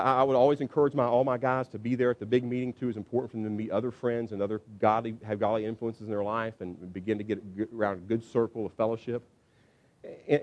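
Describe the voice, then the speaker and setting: Middle-aged male pastor, conversational sermon delivery, storytelling asides, mid-range voice. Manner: conversational storytelling preacher, frequent "all right?" asides; acts out quotes with sudden high excited pitch.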